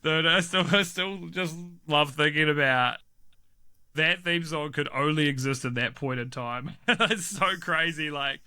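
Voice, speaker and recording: A man's voice: on the high side, measured pace, sharp tone, clean tone. A man chatting casually as a podcast co-host, swearing freely, laughing often and restarting his sentences. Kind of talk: casual chat.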